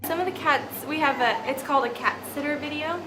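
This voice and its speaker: A woman on cat hotel staff talks hesitantly in a mockumentary interview. She fills her sentences with "um" and "like" in a higher voice. Clear music runs behind her. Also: normal speed, poor audio. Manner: hesitant, many "um"s and "like"s.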